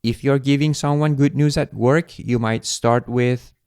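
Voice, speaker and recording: A man teaching an English lesson, explaining phrases in a clear, deliberate way. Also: mid-range voice, steady tone, darkish tone, no echo, studio quality. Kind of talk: scripted language lesson.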